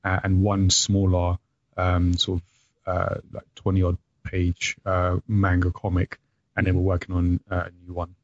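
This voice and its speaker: Low, flat-voiced British man. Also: moderate pace, dry recording. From Britain. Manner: relaxed, hesitant, many fillers. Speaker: guest, manga publisher. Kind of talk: casual interview. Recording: dull lo-fi sound.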